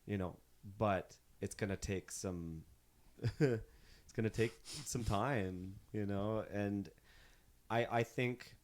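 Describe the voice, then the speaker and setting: A man from Northern Ontario sits in as a podcast guest, speaking in a slightly low voice. He rambles through anecdotes casually, restarting sentences and tossing in swear words. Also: takes it slowly, darkish tone. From Northern Ontario, Canada. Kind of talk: casual storytelling chat.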